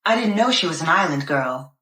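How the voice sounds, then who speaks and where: A woman reading a first-person novel aloud in a measured, deliberate way. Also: deep voice, lively intonation, a bit bright. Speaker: narrator. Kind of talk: scripted first-person audiobook narration. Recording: roomy echo.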